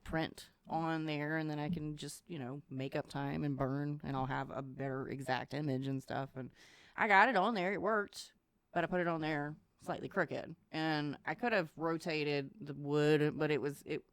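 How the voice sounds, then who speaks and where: A woman's voice: deep voice, clear, resonant tone, dry recording. A woman, co-hosting a podcast in casual chat, rambling and laughing often. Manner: chatty, rambling storyteller who laughs often. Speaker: podcast co-host.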